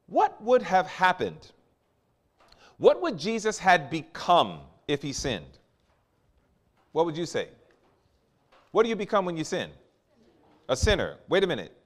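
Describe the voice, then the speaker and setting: Lively preacher man in full flow. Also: high-pitched, measured pace, pauses often. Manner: questions the congregation and waits for replies; swings between quiet asides and loud emphatic climaxes. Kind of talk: sermon.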